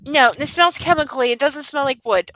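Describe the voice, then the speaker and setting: Sarcastic woman streamer, bright high voice. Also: a little fast, no echo, poor audio. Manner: sarcastic, playful, coos at her dog. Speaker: streamer hosting a book club. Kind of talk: casual live stream chat and reading aloud.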